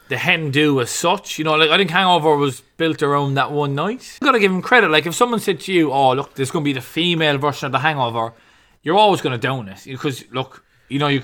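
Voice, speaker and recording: Emphatic tipsy man with a higher voice. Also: a bit bright. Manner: emphatic, repeats himself, acts out quotes. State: drunk. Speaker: podcast co-host. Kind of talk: casual drunk movie chat.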